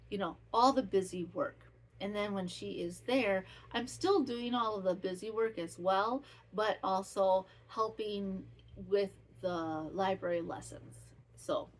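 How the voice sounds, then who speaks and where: A woman hosting a podcast who chats casually in a rambling, heartfelt way. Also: medium pitch. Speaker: podcast host. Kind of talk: casual chat.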